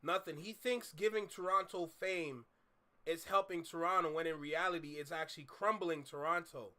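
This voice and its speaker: A man's voice: on the high side, normal speed, sharp tone. A man hosting a reaction video, ranting heatedly and swearing as he reacts. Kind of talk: casual reaction commentary.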